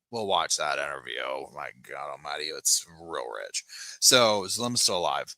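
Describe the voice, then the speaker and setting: Sassy man with a bright voice. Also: a bass voice, normal speed, gravelly, dry recording. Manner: sassy, animated retelling. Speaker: host. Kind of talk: casual commentary on a live chat.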